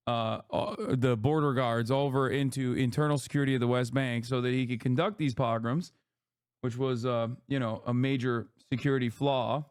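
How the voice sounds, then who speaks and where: A man's voice: mid-range voice, clean tone, no room sound, studio quality. A man hosting a live stream, reacting to news in a casual, profane, wry way. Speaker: streamer host.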